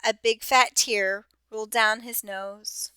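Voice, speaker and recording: A teacher reading a children's storybook aloud, slowly and expressively. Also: female voice, a little high, fairly even intonation, sharp tone, smooth, no echo.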